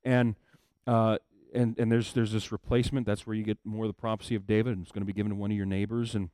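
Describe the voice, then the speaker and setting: A man preaching a sermon in a casual storytelling way, swinging from low murmurs to loud emphatic bursts. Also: level tone, dry recording, studio quality. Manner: casual storytelling, acts out characters in quick asides. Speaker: pastor.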